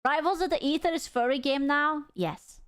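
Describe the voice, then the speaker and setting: A woman's voice: high voice, moderate pace, a bit bright, no room sound, clean studio sound. A young woman streamer giving casual, chatty reaction commentary, often laughing and full of fillers.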